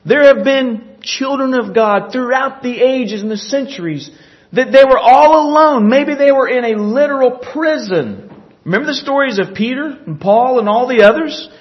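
A man preaching a sermon, animated, acting out scripture scenes with little chuckles. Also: very high voice, moderate pace. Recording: dull lo-fi recording.

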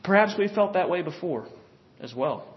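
Man, sermon, folksy and conversational, chuckling, very lively pitch. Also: normal speed, highs cut off. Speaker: preacher.

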